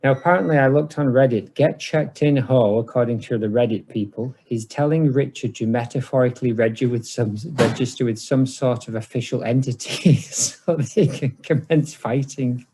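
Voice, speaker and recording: Man, podcast co-host, gravelly, mellow, casual chat, lively scene recap, lots of fillers. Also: medium pitch, normal speed, few pauses, a little hiss or hum. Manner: lively storyteller with many fillers.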